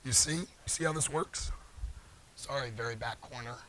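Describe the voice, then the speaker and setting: A man's voice: mid-range voice, normal speed, pushed and bright, a little hiss or hum. A middle-aged man giving a live talk in a large conference hall, joking playfully with the audience. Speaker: conference speaker.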